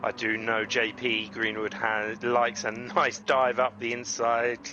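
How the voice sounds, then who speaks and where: A man commentating on an online racing league in a casual, chatty way. He is self-deprecating and breaks into excited exclamations as the cars battle. The recording carries clear background noise with game engine sounds behind him. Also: medium pitch, measured pace, dull audio. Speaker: race commentator.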